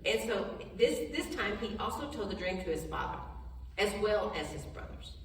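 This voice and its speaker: A woman with a medium, sing-song voice reads scripture at a Bible study and explains it in simple, friendly words. She restarts now and then, gives short laughs, and prays gently and slowly, her voice far off in an echoey hall with a little hiss or hum.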